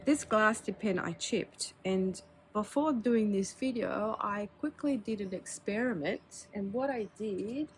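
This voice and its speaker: A woman's voice: mid-range voice, measured pace, slight background noise. A woman, chatting casually and candidly as she shows her pens, with filler words and small laughs. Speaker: pen hobby vlogger. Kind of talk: casual show-and-tell.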